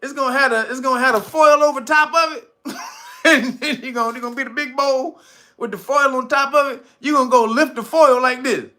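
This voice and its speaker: A man's voice: very high-pitched, fairly even intonation, a little fast, sharp tone. Blunt, profane male commentator. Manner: profane, blunt and laughing often. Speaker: channel host. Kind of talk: casual commentary monologue.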